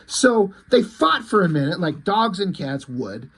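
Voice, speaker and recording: A man's voice: high voice, very animated, measured pace, a bit bright, breathy edge. A man casually recapping a comic book page by page, rambling and swearing freely. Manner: profane, rambling, frequent fillers.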